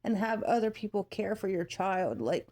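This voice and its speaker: A woman's voice: medium pitch, animated, normal speed, crowd noise. Tearful young woman, child noise behind. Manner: tearful, heartfelt, rambling with many fillers. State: near tears. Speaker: vlogger. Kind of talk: emotional personal commentary. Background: child yelling nearby.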